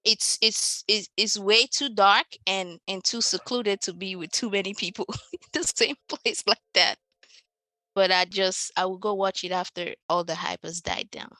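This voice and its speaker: A woman in a casual group conversation, animated and laughing often. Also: medium pitch, measured pace, dry recording, poor audio.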